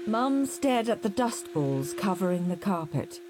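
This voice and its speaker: A woman reading a children's story aloud, slow and very lively in pitch, with plenty of expression. A steady humming noise sits behind her voice. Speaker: storybook reader.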